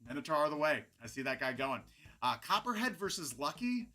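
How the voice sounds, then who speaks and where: Animated, bright-voiced young man rambling. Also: a little high, fairly quick, soft background music. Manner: rambling, animated, chatty with frequent restarts. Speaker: host of a robot combat recap show. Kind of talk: casual livestream commentary.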